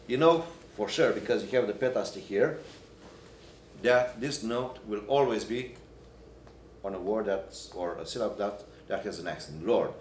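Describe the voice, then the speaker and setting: A man teaching a Byzantine chant class, explaining in halting phrases and breaking into short sung examples. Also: fairly low pitch, slight background noise. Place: church hall or classroom. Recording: echoey room, recorded from a distance.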